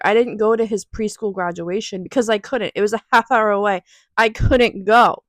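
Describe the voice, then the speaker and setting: A woman's voice: mid-range voice, moderate pace, no room sound. Woman, young adult, confessional vlog, emotional, rambling, near tears, dry close sound. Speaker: vlogger.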